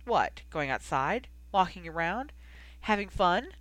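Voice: medium pitch, very animated, a little slow, fairly bright tone, dry recording. Feisty teasing young woman in an audiobook, read by the narrator, dry close sound. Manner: teasing, defiant. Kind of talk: audiobook character reading.

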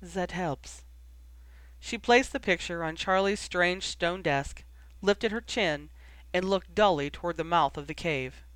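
A narrator reading a story aloud in a steady, even manner. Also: medium pitch, measured pace, smooth, no echo, low-quality recording. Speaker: audiobook narrator. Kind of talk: scripted narration.

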